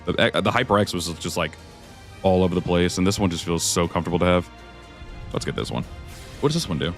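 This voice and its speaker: A man's voice: sits low, fast. A man casually commentating his own gameplay on a live stream, rambling, swearing and chatting with viewers. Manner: relaxed, rambling, swears freely, talks to chat. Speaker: gaming streamer. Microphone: desk microphone. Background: game music.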